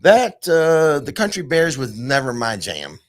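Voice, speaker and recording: A man's voice: mid-range voice, wildly swooping pitch, a little slow, no echo, studio quality. A man hosting a casual theme park news podcast, chatty and loose, with plenty of fillers. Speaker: podcast host.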